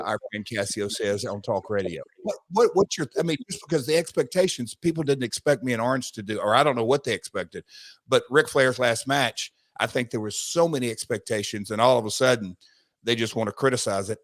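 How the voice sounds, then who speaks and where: A man, co-hosting a podcast, telling animated stories and repeating himself as he goes. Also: medium pitch, brisk, dry recording. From United States. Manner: animated storytelling, rambling with restarts. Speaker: podcast co-host, former wrestler. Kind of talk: casual podcast chat.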